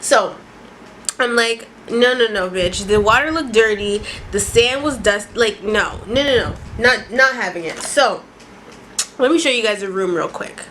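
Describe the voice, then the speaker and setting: Profane, animated young woman vlogger. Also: mid-range voice, unhurried, a little hiss or hum, rough recording. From Canada. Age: 20s. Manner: animated, profane, dramatic storytelling. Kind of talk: casual storytime vlog.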